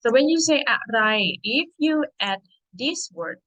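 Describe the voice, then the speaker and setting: This is a woman with a Thai accent giving an online language lesson. She speaks patiently and repeats each word slowly so her learners can follow along. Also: sits high, animated, fairly bright tone, muffled recording.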